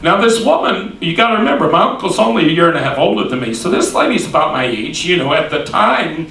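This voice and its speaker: A man's voice: on the high side, sing-song, quick pace, gravelly, pushed and bright. A man preaching a sermon, telling a story in a folksy way and acting out what people said. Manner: folksy, repeats "he said" while acting out quoted voices. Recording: echoey room, distant mic.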